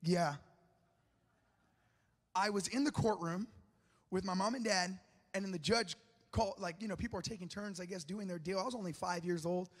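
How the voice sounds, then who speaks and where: A male pastor preaches in a long-ringing church hall, trading jokes with his congregation as he tells a story. His voice sits high with a husky, gravelly texture. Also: normal speed, long pauses. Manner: lively, humorous storyteller who jokes with the congregation. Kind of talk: sermon with personal storytelling. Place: large church auditorium.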